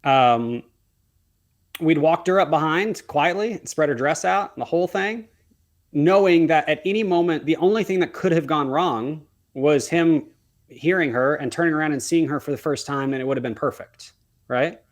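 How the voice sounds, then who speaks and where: A man's voice: a little high, moderate pace. Earnest man telling a wedding story. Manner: earnest, emotional storyteller who acts out quoted dialogue. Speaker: wedding photographer, podcast guest. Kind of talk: storytelling in a podcast interview.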